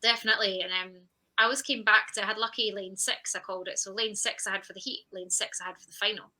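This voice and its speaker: A woman guest on a podcast, relaxed and chatty. Her voice is very bright and sharp. She tells her story with animation and slips into her own past thoughts as she goes. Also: medium pitch, fast, low-quality recording. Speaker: guest, champion sprinter. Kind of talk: conversational podcast interview.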